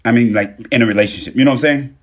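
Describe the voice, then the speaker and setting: A man hosting a casual live-stream talk on his phone, animated and profane, swinging between loud bursts and low murmurs. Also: very fast.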